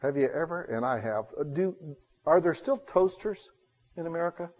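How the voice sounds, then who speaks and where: A man preaching a sermon, telling homey stories and swinging between loud bursts and hushed asides. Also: fairly high pitch, animated, moderate pace, big-room sound, dull audio.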